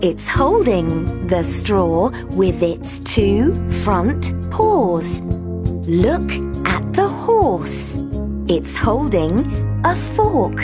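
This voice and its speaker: Lady reading words super slow for a class, bit breathy, faint music behind. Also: medium pitch. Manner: slow, carefully spoken single words. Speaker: course audio reader. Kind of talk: reading vocabulary words for learners.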